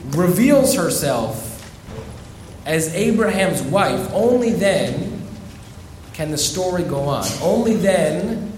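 A man's voice: high voice, echoey room, a little hiss or hum. Man giving a storytelling sermon. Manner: storytelling, dramatic pauses.

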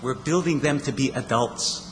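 A man's voice: mid-range voice, moderate pace, a little hiss or hum. A man giving a sermon as a rabbi, telling stories with wry humor. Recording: reverberant hall, faint ambience.

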